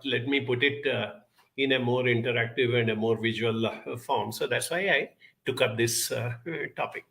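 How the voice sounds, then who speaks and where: A man's voice: on the high side, sharp tone, low-quality recording. A man, a counselor giving an earnest, explanatory talk to camera and putting questions to the viewer.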